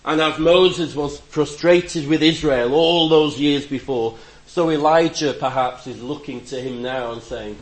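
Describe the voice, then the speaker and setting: A man preaching a conversational sermon, reflective with gentle humor and a voice that rises and drops for emphasis. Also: fairly high pitch, measured pace, hardly any pauses, echoey room, low-quality recording.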